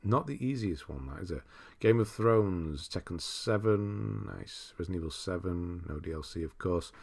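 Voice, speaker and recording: A man with a deep, low voice hosts a casual live stream. He rambles easily, reads out viewers' messages and breaks into laughter often. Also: moderate pace, creaky. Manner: relaxed, rambling, reads chat aloud with frequent laughs. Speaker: streamer host.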